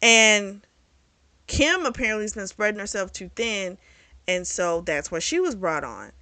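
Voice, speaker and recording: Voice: medium pitch, very animated, measured pace, pushed and bright, no room sound. A book reviewer casually retelling a novel's plot in a candid, profane, chatty way.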